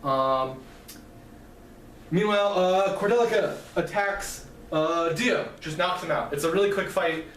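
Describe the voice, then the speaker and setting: A man's voice: on the high side, fairly bright tone. A man casually retelling the plot of his own novel, with lots of ums and restarts. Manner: loose, filler-heavy retelling with restarts. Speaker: author recapping his novel. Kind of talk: casual plot recap lecture. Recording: roomy, distant mic, faint noise.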